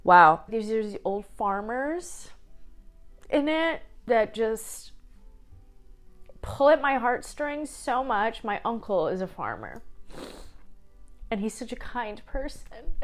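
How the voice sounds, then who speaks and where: A young woman chatting casually as a book vlogger, emotional and quick to laugh and tear up. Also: on the high side, big pitch swings, faint music behind. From small town, Midwest US. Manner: chatty, emotional, laughs and tears up while talking. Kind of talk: casual chat.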